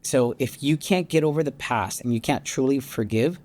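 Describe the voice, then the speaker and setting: A man's voice: medium pitch, moderate pace, a little mellow. A man in his thirties co-hosting a faith-based marriage talk, speaking earnestly and reflectively with frequent restarts. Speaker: podcast co-host.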